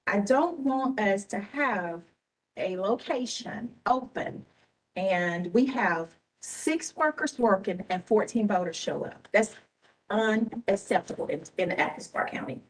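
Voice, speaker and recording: A woman's voice: a little high, distant mic, rough recording. A tired woman, an elections official giving impassioned, repetitive, scolding remarks at a public board meeting. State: tired and emotional. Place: government meeting room.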